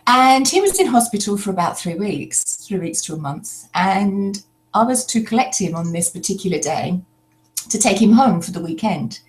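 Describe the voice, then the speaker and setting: An older woman telling a personal story in a slow, reflective way, pausing often as she speaks. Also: mid-range voice, expressive. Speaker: spiritual speaker.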